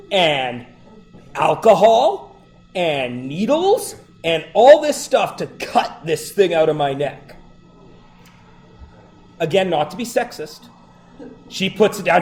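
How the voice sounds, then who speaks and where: A middle-aged male teacher telling funny personal stories to his class, animated and breaking into loud exclamations. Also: a little high, takes it slowly, pauses often, soft background music. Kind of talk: storytelling to a class.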